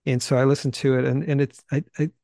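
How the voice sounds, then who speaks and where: A man teaching Bible studies, talking eagerly and fast in a casual podcast chat, often clipping his sentences and restarting. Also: mid-range voice, level tone, gravelly, mellow, no echo, studio quality.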